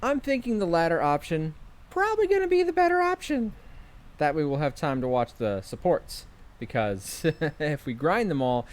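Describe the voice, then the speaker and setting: A playful man chatting through his own game stream, his pitch bouncing all over. He reads his character's lines aloud and keeps up a loose, chatty commentary. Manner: yawning, chatty. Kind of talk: casual let's-play commentary.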